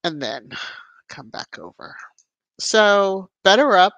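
A woman hosting a casual livestream, chatting and greeting viewers by name with lively rises in her voice. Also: mid-range voice, slow, no room sound, highs cut off. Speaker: livestream host. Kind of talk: casual live chat reading viewer comments.

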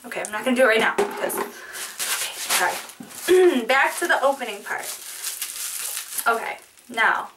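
A woman beauty vlogger in casual chat, opening a package, giggly, excitable and apologetic. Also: fairly high pitch, a little slow, long pauses, recorded from a distance, noisy background.

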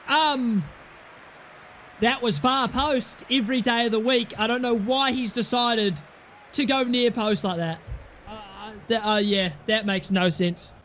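A young man with a very high-pitched voice calls his football game as he plays. He chatters in quick low asides, then bursts into loud excited yells when the play heats up. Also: a little hiss or hum. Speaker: gaming YouTuber. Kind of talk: live gameplay commentary.

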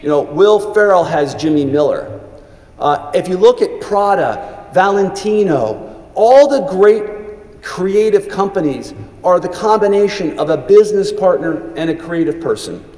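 A man's voice: sits high, expressive, unhurried, a little mellow. A middle-aged man giving a commencement speech, telling earnest stories with frequent restarts. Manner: earnest, anecdotal storytelling with many restarts. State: briefly choked up with emotion. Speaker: commencement speaker. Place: large hall. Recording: echoey hall, reverberant.

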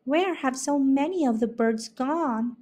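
A woman's voice: sits high, unhurried, dark tone, pitched above the performer's own voice. A woman voicing a young, curious fawn in a storybook reading, asking wide-eyed questions.

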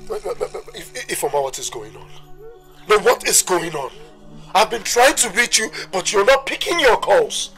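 Distraught young Nigerian man; high, gravelly, stammering pleas. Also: sing-song, moderate pace, a bit bright, faint music behind, exaggerated voice. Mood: pleading. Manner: stammering, pleading.

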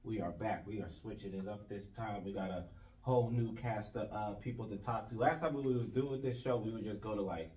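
A man's voice: lowish voice, fairly quick, warm tone. A man hosting a podcast, talking in a laid-back, slangy way. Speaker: podcast host. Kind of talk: casual podcast chat. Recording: echoey room, mic at a distance.

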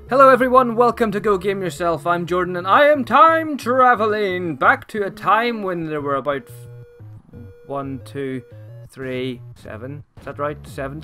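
Young man, gaming commentary, self-deprecating, slightly high voice, faint background music. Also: normal speed, bright, forceful tone. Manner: chatty and self-deprecating, reacting aloud to the game. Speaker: host of a gaming channel. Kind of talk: casual let's-play commentary.

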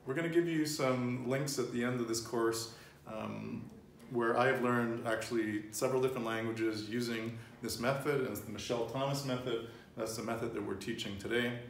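A man's voice: medium pitch, slight background noise. A man in his thirties teaching a casual Spanish lesson at home, chatty and loose, laughing easily and often restarting or wandering off-topic. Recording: roomy home recording, faint ambience.

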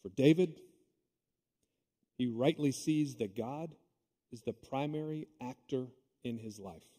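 Preacher with a dark tone in a reverberant hall. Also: male voice, mid-range voice, slow, slightly rough. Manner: conversational, emphatic preaching with asides. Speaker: pastor. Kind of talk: sermon. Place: church sanctuary. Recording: long reverb of a church hall.

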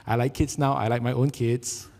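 A man preaching a sermon with a Singaporean English accent, telling jokey, animated stories and acting out quotes. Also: medium pitch, normal speed, long reverb tail. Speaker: pastor. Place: church sanctuary.

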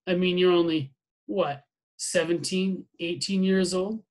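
A man voicing a stern senior commandant who questions slowly and pointedly. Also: high-pitched, steady tone, darkish tone. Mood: probing. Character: stern senior male commandant, probing and menacing.

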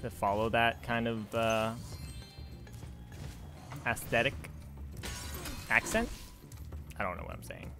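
A man's voice: mid-range voice, fairly even intonation, slow, pauses often, music in the background. A young man commenting casually on his video game playthrough, chatty and easily distracted. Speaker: gameplay streamer. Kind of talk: casual let's-play commentary.

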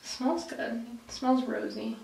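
A woman's voice: fairly high pitch, steady tone, slow pace, gravelly, darkish tone, far from the mic. A young woman vlogging in a casual, rambling way, full of "like" and "um", breaking off mid-sentence. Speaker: beauty vlogger. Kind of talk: casual rambling chat to camera. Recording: roomy echo, voice off-mic.

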